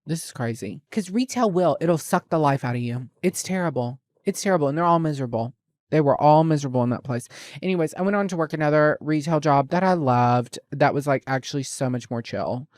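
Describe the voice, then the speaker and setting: A man's voice: fairly high pitch, a little fast, darkish tone, no echo, studio quality. A young man, telling retail stories in a sassy, dramatic casual chat and acting out the dialogue. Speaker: podcast host.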